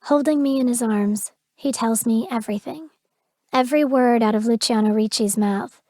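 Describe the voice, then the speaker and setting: A woman narrating a dark romance audiobook in the first person, with an intimate, emotional delivery. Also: fairly high pitch, normal speed, no room sound, clean studio sound.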